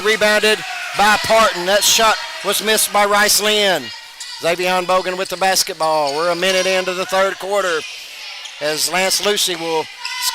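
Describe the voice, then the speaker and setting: A man doing brisk play-by-play commentary of a basketball game, his voice jumping up loud on big plays. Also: sits high. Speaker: play-by-play announcer. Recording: broadcast over loud gym noise.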